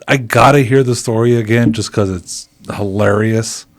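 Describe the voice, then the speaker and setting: A man's voice: on the low side, steady tone, moderate pace. A man co-hosting a podcast who jokes around and nudges his co-host into telling a story. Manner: joking, prompting the storyteller. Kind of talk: casual podcast banter.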